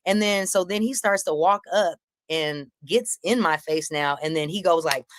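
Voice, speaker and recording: A woman comedian telling a story on a live panel show, acting out each quoted line with big jumps in pitch and plenty of swearing. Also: moderate pace, slight background noise.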